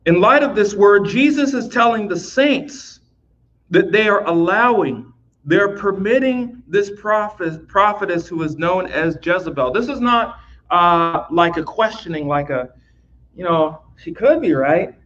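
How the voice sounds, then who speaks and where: A man's voice: sits high, expressive, measured pace, fairly bright tone, dull audio, a little hiss or hum. A man teaching a Bible lesson in a conversational way, often restarting phrases and checking in with "right?" as he explains the text.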